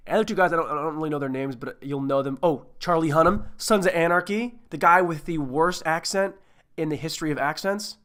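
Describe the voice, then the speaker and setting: Rambling, joking podcast host. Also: male voice, fairly high pitch, a little fast, a bit bright. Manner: rambling, swearing, jokey asides. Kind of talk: casual movie-review chat.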